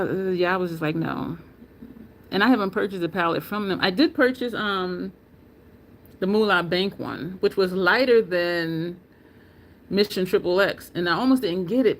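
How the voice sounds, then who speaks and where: A woman's voice: lowish voice, slight background noise. A woman hosting a beauty channel livestream, talking in a loose, opinionated, rambling way and answering viewer comments. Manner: loose, rambling, with frequent ums and restarts. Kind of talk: casual livestream chat.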